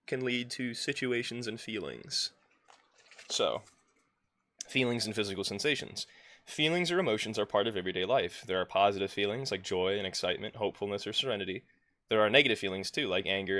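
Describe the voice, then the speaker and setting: A man's voice: on the low side, fairly quick, sharp tone. A man reading a self-help workbook aloud on a live stream at home, now and then stopping to chat with his viewers. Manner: reads a text aloud and breaks off to chat with viewers and pets.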